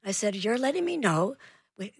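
A woman, a parenting expert, telling an animated story as a guest in a radio interview, acting out the voices in it. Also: medium pitch, moderate pace, slightly rough, dry recording, studio quality. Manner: animated, acts out dialogue in her story.

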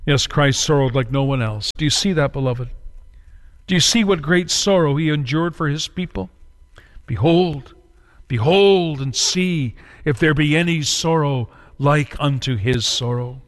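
Male preacher, fairly high voice, dramatic sermon delivery, slow solemn stretches and quick urgent ones, long hall reverb. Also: a bit bright.

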